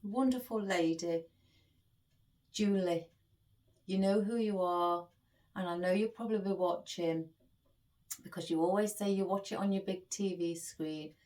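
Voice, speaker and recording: Tearful woman, slowly talking vlogger. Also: lowish voice, a little mellow. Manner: emotional, chatty, addresses viewers directly. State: tearful, holding back tears. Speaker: florist. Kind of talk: casual vlog chat. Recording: voice a bit far from the mic.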